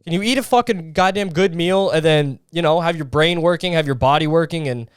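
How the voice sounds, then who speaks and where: A man's voice: a little high, a little fast, smooth, dry recording, clean studio sound. Exasperated young man ranting, profane. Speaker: podcast host. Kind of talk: solo podcast rant.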